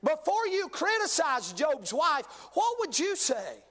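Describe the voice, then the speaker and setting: A middle-aged man preaching a sermon, swinging between loud bursts and hushed, drawn-out words. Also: extremely high pitch, wildly swooping pitch. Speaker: pastor.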